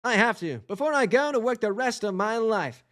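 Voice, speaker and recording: A man doing an eager young bee. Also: normal speed. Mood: urgent. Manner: high, excited outbursts. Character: young male bee, restless and eager to escape.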